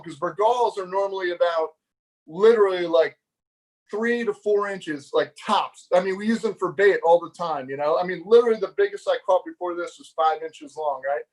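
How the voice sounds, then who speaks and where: A middle-aged man tells a fishing story in a high, bright voice. He keeps laughing and acts out what everyone said in the story, loose and chatty as a live-show guest. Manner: animated, laughing, acts out dialogue. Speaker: fishing magazine editor, guest.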